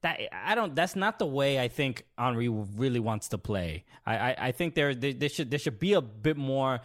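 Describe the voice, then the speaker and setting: A man hosting a sports podcast, recapping games in a casual, halting way with many restarts. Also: mid-range voice, animated. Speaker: podcast host.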